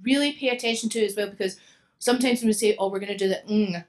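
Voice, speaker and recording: A young woman from Scotland talks through singing exercises as a vocal coach. Her voice sits at a middle pitch, and she chats along easily, often laughing. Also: racing. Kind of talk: singing lesson.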